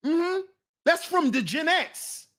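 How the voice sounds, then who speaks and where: High-voiced scolding man ranting. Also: sing-song, slow pace, sharp tone. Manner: blunt, scolding, talks back to viewers. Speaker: commentary channel host. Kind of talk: casual commentary rant.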